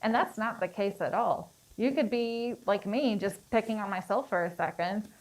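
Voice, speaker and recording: During a panel discussion, a young adult woman who works as a public health educator speaks earnestly and encouragingly, delivering talking points. Her voice is medium-pitched at a normal speed, and the recording is rough.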